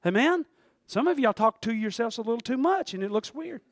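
A man preaching a folksy, animated sermon that swings between loud and hushed. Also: extremely high pitch, brisk, no room sound, studio quality. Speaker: pastor.

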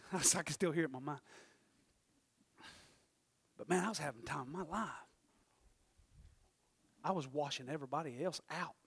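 A middle-aged male pastor, preaching a sermon with lively storytelling that swings from loud to hushed. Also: fairly high pitch, moderate pace, pauses often, husky, dry recording.

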